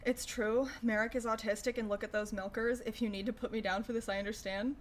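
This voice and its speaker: A woman's voice: on the high side, steady tone, fast, slight background noise. A young woman hosting a casual livestream, chatting sarcastically with lots of profanity and laughter. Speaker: livestream host. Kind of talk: casual livestream chat reacting to news.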